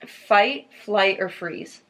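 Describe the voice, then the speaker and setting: Creaky-voiced woman podcast host. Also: medium pitch, lively intonation, very slow, a bit bright, poor audio. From North Carolina. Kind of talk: casual chat and reading stories aloud.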